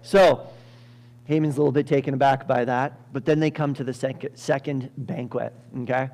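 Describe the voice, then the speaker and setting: A male pastor telling a Bible story in a lively sermon, acting out the characters with sudden loud bursts and frequent laughter. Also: mid-range voice, moderate pace. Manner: animated, acts out characters with sudden loud jumps, laughs often. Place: church.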